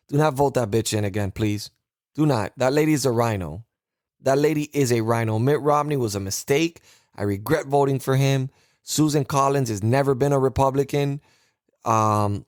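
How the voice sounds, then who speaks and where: A man's voice: mid-range voice, no room sound. Guy ranting about politics, worked up, lots of ums and restarts, dry close sound. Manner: heated, repetitive, frequent fillers and restarts. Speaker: political commentary host. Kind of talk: solo political commentary.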